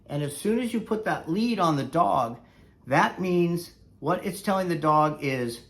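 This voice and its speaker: A man's voice: on the high side, lively intonation, a little slow. A man who is a dog trainer, telling a story in a casual vlog, rambling and conversational with frequent fillers.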